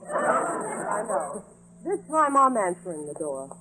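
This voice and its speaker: A woman's voice: medium pitch, huge pitch swings, slow pace, background noise. A woman co-hosting a 1940s radio comedy, exasperated and scolding her husband. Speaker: comedy show co-host. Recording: old radio broadcast with music.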